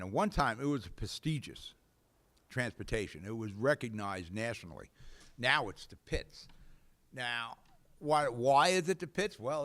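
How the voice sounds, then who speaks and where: On his local politics talk show, this host holds forth with strong opinions, bluntly and meanderingly, with lots of fillers. He speaks at medium pitch with a fairly bright tone.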